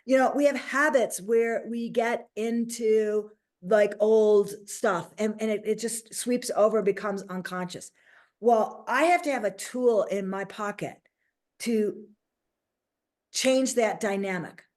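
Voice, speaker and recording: A woman hosting a casual interview as a life coach, talking in an animated way and acting out little quoted voices. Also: mid-range voice, takes it slowly.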